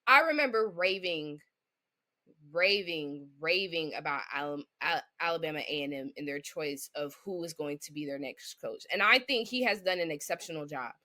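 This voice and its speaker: Female co-host, lowish bright voice, confident and opinionated, casual sports chat. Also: expressive, moderate pace. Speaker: podcast co-host.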